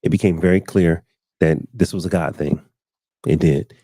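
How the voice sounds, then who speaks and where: Man, 30s, talk show host, very low voice, mellow, dry close sound, casual storytelling, animated quoting. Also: normal speed, no room sound. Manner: animated storyteller, acts out quotes with big pitch jumps. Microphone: studio mic, live stream.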